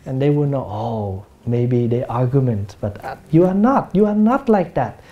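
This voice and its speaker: A man with a Vietnamese accent, a Buddhist monk giving a gentle, humorous dharma talk in a meditation hall. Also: medium pitch, sing-song, moderate pace, dull audio. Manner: gentle, humorous, acts out everyday speech. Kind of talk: sermon.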